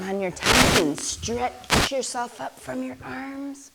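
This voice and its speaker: A woman leading a children's yoga class in a studio, gentle and encouraging. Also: a little high, animated, unhurried, hardly any pauses, crowd noise. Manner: gentle, encouraging, playful with animal sounds.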